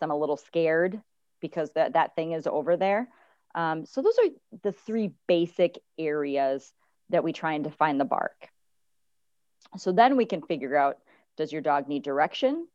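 A woman dog trainer giving advice in a podcast chat, animated, acting out what dogs might be thinking. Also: no echo, lo-fi sound. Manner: animated, acts out dogs' thoughts in high voices.

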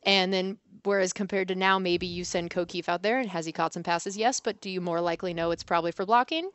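A woman's voice: fairly low pitch, fairly even intonation, quick pace, fairly bright tone, clear, resonant tone, no room sound. A woman co-hosting a casual sports chat, analytical and candid. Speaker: sports podcast co-host.

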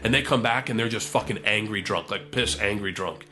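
A man telling a wild comic anecdote with lots of swearing, excitedly acting out the other people's lines in raised voices. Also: on the low side, fairly quick. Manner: profane, excitable, acts out the quotes in raised voices. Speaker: storyteller.

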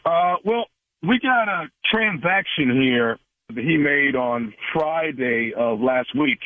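A hesitant, apologetic store manager, played by a man calling through a tinny phone line. The voice sits a touch high for a man, dry and close. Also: expressive, takes it slowly, no echo. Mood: calm. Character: polite male store manager caller.

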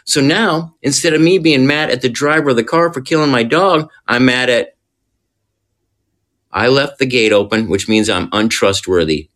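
A man's voice: mid-range voice, moderate pace, fairly bright tone. A man on a podcast, talking casually as a recovery counselor and often checking in with rhetorical questions. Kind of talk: casual explanatory talk.

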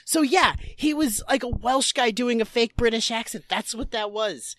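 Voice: mid-range voice, normal speed, fairly bright tone, no room sound, clean studio sound. A podcast co-host rambling casually and jokingly, with lots of fillers. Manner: rambling, jokey, many fillers.

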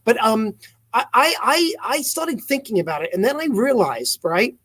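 A man with a notably high voice tells long, wandering stories from his own life. His accent blends English, South African and American sounds. He often backs up and corrects himself mid-sentence. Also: big pitch swings, normal speed, a bit bright. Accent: mixed English, South African and American. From England. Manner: rambling, storytelling, self-correcting. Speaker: guest magician. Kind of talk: casual video-call interview.

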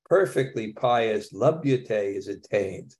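A man's voice: on the low side, lively intonation, takes it slowly, darkish tone. A man teaching a scripture class in a casual, conversational way, with chuckling asides.

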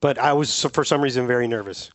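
Man, middle-aged, podcast co-host, casual storytelling, medium pitch, dry close sound. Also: fast talker, no echo. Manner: chatty storyteller, relaxed. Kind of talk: casual chat.

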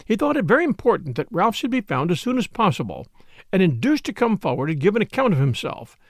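A man reading a story aloud as first-person narrator, in a measured, dryly ironic telling. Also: high voice, big pitch swings, no room sound, clean studio sound. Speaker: audiobook narrator. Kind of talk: scripted narration.

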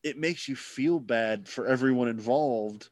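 A man's voice: medium pitch, unhurried, a little mellow, no room sound. A man hosting a casual podcast chat, rambling and sarcastic, swearing freely.

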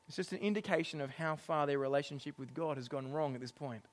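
A middle-aged man delivers a sermon in a fairly high voice. He preaches in an animated way, laughing often and acting out exasperated lines. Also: moderate pace.

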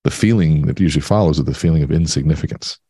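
Deep, husky-voiced man. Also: rapid-fire, mellow, no room sound. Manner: emphatic storytelling, reflective. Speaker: podcast guest. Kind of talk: conversational interview.

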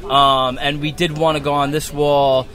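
A man with a Long Island accent, a muralist talking casually in an interview, relaxed and rambling with many fillers and restarts. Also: fairly high pitch, normal speed. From Long Island, New York. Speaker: muralist guest. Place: outdoors at a wall being painted.

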